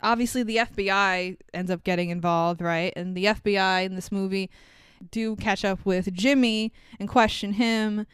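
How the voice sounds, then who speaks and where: A woman's voice: medium pitch, fairly even intonation, moderate pace, clear, resonant tone, no echo, studio quality. A woman co-hosting a podcast, recapping a movie in casual chat, swearing freely and laughing often. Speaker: podcast co-host.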